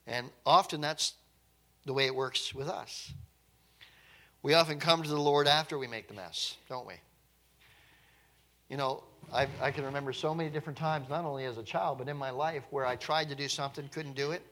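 A man's voice: mid-range voice, moderate pace, fairly bright tone. A man preaching a sermon in a conversational, emphatic way, with light chuckles now and then.

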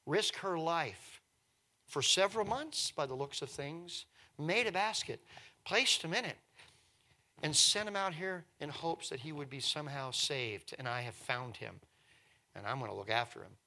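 A male preacher giving a sermon as animated storytelling, swinging from hushed to loud and often repeating words. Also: a little high.

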